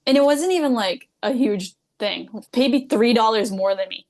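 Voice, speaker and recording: A loud, giggly woman telling frank stories as a podcast guest. She laughs easily and speaks bluntly, with casual swearing. She sounds like a working dental hygienist opening up in conversation. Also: on the high side, animated, moderate pace, few pauses. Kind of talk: candid storytelling in a podcast interview.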